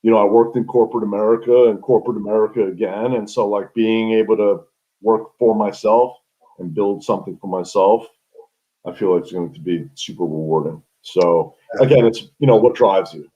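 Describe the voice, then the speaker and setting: Low-voiced man on a muffled call. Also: a little fast. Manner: relaxed, rambling, many restarts. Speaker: guest, sports business founder. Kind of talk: casual interview conversation. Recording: dull lo-fi call audio.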